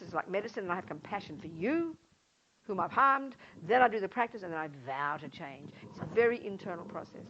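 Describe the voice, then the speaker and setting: Animated woman teaching, lo-fi recording. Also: medium pitch. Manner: animated, emphatic, acts out little scenes. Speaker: Buddhist nun teacher. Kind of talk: informal teaching to a class. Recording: dull lo-fi sound, faint noise.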